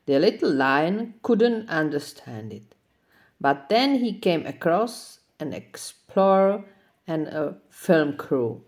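A storyteller reads a children's picture book aloud, gentle and expressive. Her voice is fairly low for a woman, rising and falling widely, and she reads very slowly, never hurrying.

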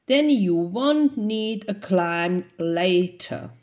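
A woman's voice: mid-range voice, lively intonation, very slow, darkish tone. A woman reading a storybook aloud, voicing a young boy crocodile who frets and gets embarrassed, in a whiny, fussing way. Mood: eager.

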